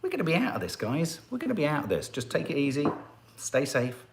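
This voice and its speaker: A man's voice: fairly high pitch, wildly swooping pitch, fast, gravelly, a little hiss or hum. A man hosting a casual live stream, chatting in a rambling way and reading out viewer comments. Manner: chatty and rambling, with frequent restarts and asides.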